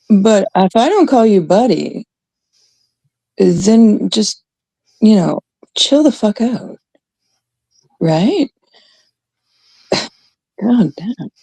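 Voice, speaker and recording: A woman's voice: medium pitch, extremely slow, vocal fry, pauses often, slightly rough, no room sound. Blunt, swearing Canadian woman. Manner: blunt, swearing, animated rants. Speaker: livestream host. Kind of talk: casual livestream chat.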